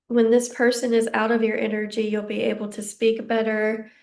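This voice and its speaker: A young woman giving a casual psychic tarot reading, a little out of breath, gentle and reassuring as she rambles with fillers. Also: a little high, flat delivery, normal speed, vocal fry. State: slightly out of breath. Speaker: tarot card reader.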